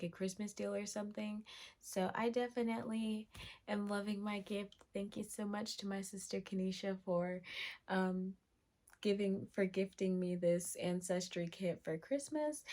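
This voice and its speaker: Slow-talking excited woman vlogger. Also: lowish voice. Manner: slow, excited and chatty, reads passages aloud. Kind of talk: casual vlog, reading results aloud.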